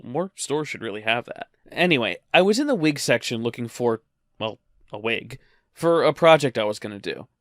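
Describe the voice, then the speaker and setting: A man's voice: mid-range voice, no room sound, clean studio sound. A man narrating a personal story in a wry, conversational way. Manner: wry, conversational, lively delivery.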